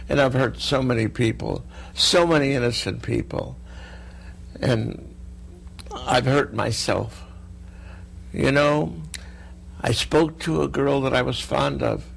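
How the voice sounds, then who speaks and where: An older man with a gravelly voice, speaking slowly and haltingly as an interview guest. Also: medium pitch, slight background noise. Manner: slow, halting, apologetic. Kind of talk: recorded TV interview.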